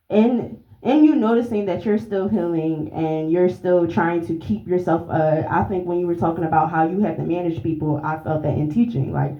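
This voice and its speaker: A woman from the audience giving a heartfelt, rambling tribute, then asking a question, with frequent laughs. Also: lowish voice. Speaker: audience member. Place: event room. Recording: roomy, dull lo-fi sound.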